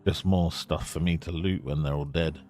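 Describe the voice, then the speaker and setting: A man's voice: sits low, steady tone, moderate pace, a little mellow, natural voice. A man voicing a rude, scruffy sailor who talks in a blunt, mocking way. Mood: sneering.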